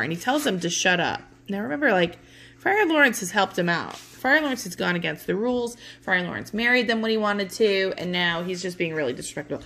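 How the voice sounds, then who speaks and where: A woman's voice: lowish voice, animated, brisk, vocal fry, fairly bright tone. A woman teaching a class, retelling a play in casual words and often checking in with "okay?". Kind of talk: explaining a play to students.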